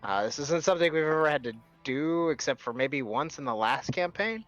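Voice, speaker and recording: Man running a tabletop game, slow and descriptive. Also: on the high side, animated, fairly bright tone. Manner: slow, descriptive narration with drawn-out words. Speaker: game master. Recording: dull lo-fi sound with faint music.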